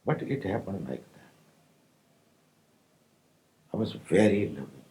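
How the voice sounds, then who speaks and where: A man with an Indian accent giving a slow, pausing spiritual discourse to meditators, often asking his listeners if they follow. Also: low voice, expressive, mellow, low-quality recording. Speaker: spiritual teacher.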